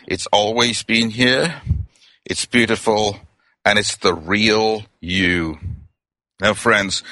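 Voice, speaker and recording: A middle-aged man from Wales with a Welsh accent, giving a gentle, reflective sermon as a minister. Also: on the low side, dry recording. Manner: gentle, reflective, addresses listeners as friends.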